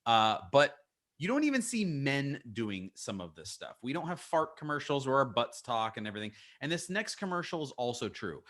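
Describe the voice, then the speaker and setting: Lively joking middle-aged man. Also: mid-range voice. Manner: animated, jokey, quick to act out bits. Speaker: podcast co-host. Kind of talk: casual comedic chat.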